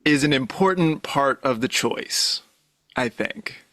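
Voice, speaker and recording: A man's voice: mid-range voice, lively intonation, slow pace, a bit bright, no echo. A man co-hosting a casual podcast chat, thinking aloud in a hesitant, musing way. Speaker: podcast co-host.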